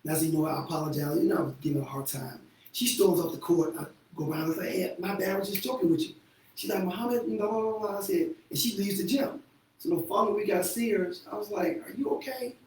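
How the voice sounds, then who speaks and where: A man with a high-pitched voice talks bluntly and crudely about relationships, laughing often. He is a therapist hosting his own show. The recording picks him up from a distance in a very echoey room with faint background noise. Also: fast talker. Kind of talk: candid casual talk.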